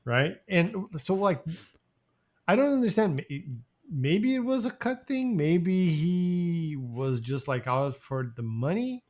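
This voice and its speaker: Lively man co-hosting a film podcast. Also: sits high, slow. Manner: animated, trailing restarts. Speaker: podcast co-host. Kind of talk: casual film review chat.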